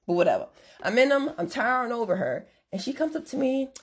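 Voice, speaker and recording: A woman host telling a story casually, animated and full of swearing, acting out what people said. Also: a little high, quick pace, slightly rough. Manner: profane, animated, acts out quotes.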